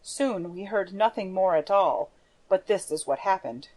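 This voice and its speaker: A woman's voice: medium pitch, expressive, darkish tone. Woman narrating a gothic audiobook. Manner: measured storytelling. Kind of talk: scripted narration.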